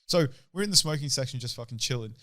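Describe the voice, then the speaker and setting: A man's voice: medium pitch, lively intonation, fast talker, sharp tone. A young man in his twenties, co-hosting a podcast and telling a story in a casual, slangy, swearing way. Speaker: podcast co-host.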